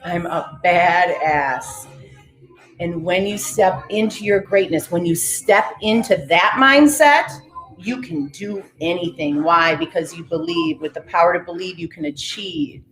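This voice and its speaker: A woman's voice: on the low side, moderate pace, fairly bright tone, rough recording. Upbeat woman coaching a live class. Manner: upbeat, coaching, calls out names of live viewers. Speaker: fitness and breathwork instructor. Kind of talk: guided live class with affirmations.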